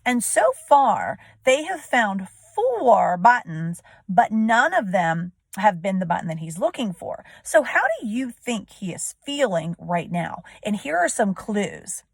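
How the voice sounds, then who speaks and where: A woman's voice: medium pitch, very animated, unhurried, vocal fry, hardly any pauses, husky, no echo. A woman teacher reading a storybook aloud to children and explaining it, often asking questions and checking with "right?".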